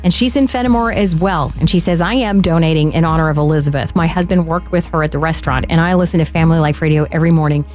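A woman co-hosting a fundraising radio show, warm and enthusiastic as she reads donor stories. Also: sits low, fairly even intonation, fast, hardly any pauses, faint music behind. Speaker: radio co-host.

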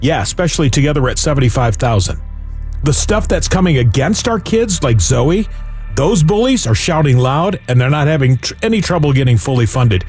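Radio fundraiser guy telling bible stories, really lively voice, does the shouting bits, quiet music behind. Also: fairly high pitch, fairly quick, husky. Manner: animated, acts out shouts and hushes in his stories. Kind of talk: on-air fundraising appeal with Bible storytelling.

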